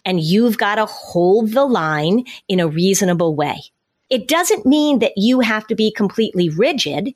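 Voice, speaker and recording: A woman's voice: medium pitch, animated, normal speed, darkish tone. A middle-aged woman, a former social worker, explaining parenting with acted-out examples of parents and children. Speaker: parenting expert guest. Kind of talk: conversational advice.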